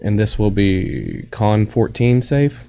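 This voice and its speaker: A man with a gravelly, lowish voice plays a tabletop game and talks slowly as he thinks his moves through aloud. A faint noise sits under his voice. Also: very animated, warm tone. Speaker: player. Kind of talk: casual tabletop game play.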